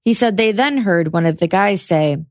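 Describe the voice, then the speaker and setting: A woman hosting a podcast, giving a measured, scripted narration of a trial's testimony. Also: medium pitch, animated, darkish tone, no room sound, studio quality. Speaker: podcast host. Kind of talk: scripted true-crime narration.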